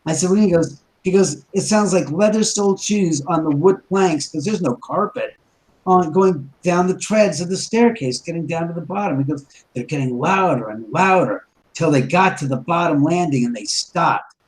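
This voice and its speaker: A man's voice: on the high side, moderate pace, poor audio. A man casually telling a ghost story about his house, rambling with restarts and acting out quoted dialogue.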